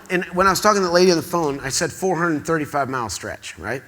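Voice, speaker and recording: Man, from the midwest, storytelling on stage, excitable, rambling, bright forceful voice. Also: on the high side, fast, few pauses, a little hiss or hum. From Quad Cities, US Midwest. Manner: excitable, rambling, acts out quoted dialogue. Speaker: speaker at an awards event. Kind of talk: storytelling to a live audience. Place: theatre stage.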